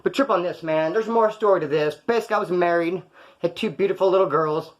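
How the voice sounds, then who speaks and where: A man's voice: sits high, quick pace. A man telling wild stories from his past in a casual, slangy, profane way, acting out the voices of the people he quotes. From California. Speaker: storyteller recounting his past.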